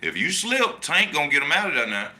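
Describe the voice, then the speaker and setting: A man hosting a casual boxing talk show, animated and slangy, repeating his points for emphasis while he reads the chat. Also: fairly high pitch, a little fast. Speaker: boxing channel host.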